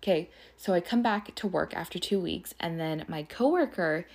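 A woman's voice: lowish voice, normal speed, darkish tone. A young woman hosting a podcast, telling a personal story in a chatty, casual way, swearing often and filling her talk with "like". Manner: chatty and profane, heavy use of "like". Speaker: podcast host.

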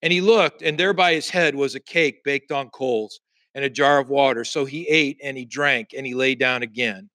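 A man's voice: mid-range voice, moderate pace, sharp tone, dry recording. A male pastor preaching a sermon, reading scripture aloud and building emphasis through repeated refrains.

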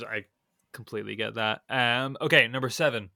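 A man's voice: medium pitch, a little slow, bright, forceful tone, no echo, clean studio sound. A man co-hosting a casual podcast, reading out quiz questions and answer options with a playful lilt.

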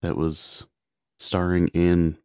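A man's voice: deep voice, level tone, slow, clean tone, no room sound, clean studio sound. A man co-hosting a podcast, casually retelling movie scenes in a rambling way with lots of filler words. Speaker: podcast co-host.

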